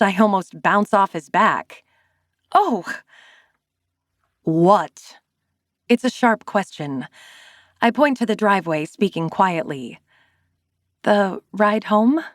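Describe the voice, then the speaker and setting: A young woman reads a first-person romance audiobook in an expressive way, her pitch at a middle height but lively and swinging. She is recorded close and dry, with no room sound. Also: dry recording. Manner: expressive, with high gasps in dialogue. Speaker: audiobook narrator.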